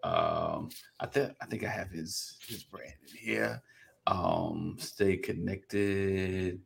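A man's voice: sits low, very animated, takes it slowly, creaky, breathy edge. A man hosting a casual podcast, joking and laughing with his guests before reading out the sign-off plugs. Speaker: podcast host.

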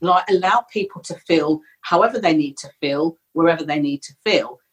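Middle-aged woman, low and slightly husky, candid guest sharing a personal story. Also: normal speed, highs cut off. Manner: candid, reflective, animated when retelling. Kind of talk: personal storytelling in a podcast interview.

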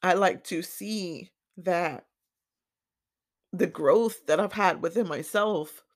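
Slow, low-voiced woman in her forties. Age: 40s. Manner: emotional, gets choked up; unhurried, with many fillers and restarts. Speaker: podcast host. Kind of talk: reflective personal monologue.

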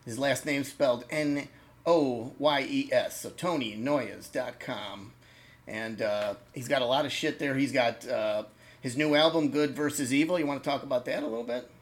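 A man hosting a casual interview, laid-back and quick to laugh, plugging his guest's work. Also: medium pitch. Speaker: interview host.

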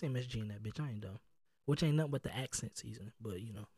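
A man's voice: fairly low pitch, fast, a little mellow, husky, dry recording, clean studio sound. A man with a Southern US accent hosting his own podcast from home, talking loose and profane with street slang and jokes. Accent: Southern US (North Carolina). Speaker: podcast host. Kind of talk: casual chat.

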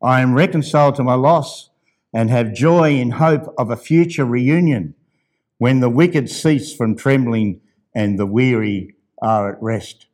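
Middle-aged pastor guy preaching, goes quiet and low then builds up loud and emphatic, sometimes reads a letter out. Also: measured pace. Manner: rises to loud, emphatic declarations; drops low and soft for gentle asides. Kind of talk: sermon.

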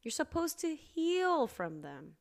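A young woman hosting her own podcast, talking earnestly and casually, with sudden high emphatic bursts. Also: sing-song, slow pace. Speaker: podcast host. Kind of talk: casual solo podcast talk.

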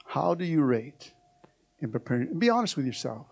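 A middle-aged male pastor preaching a sermon to his church, swinging from shouted exhortation to a quiet, close tone. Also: fairly high pitch, big pitch swings, brisk, creaky, husky. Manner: preaching with rising shouts, then dropping to a hushed, intimate tone. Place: church sanctuary.

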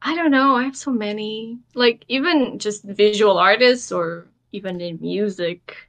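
A woman's voice: mid-range voice, measured pace, fairly bright tone. A woman from Portugal, an artist guest on a podcast, answering modestly and thoughtfully. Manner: modest, laughs easily, thoughtful. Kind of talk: casual interview answers.

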